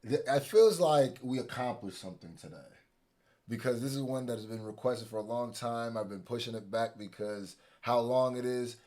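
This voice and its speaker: A man hosting a reaction video, wrapping up in a casual, unhurried way. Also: medium pitch. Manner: loud whoops and laughter, then calm sign-off.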